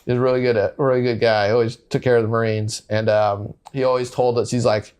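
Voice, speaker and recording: A man's voice: medium pitch, flat delivery, fast talker, a little mellow, smooth. A man in his thirties, a Marine gunnery sergeant and podcast guest, telling casual stories with frequent laughter and quoted exchanges. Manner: laughs often, quotes people in short bursts. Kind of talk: casual interview storytelling.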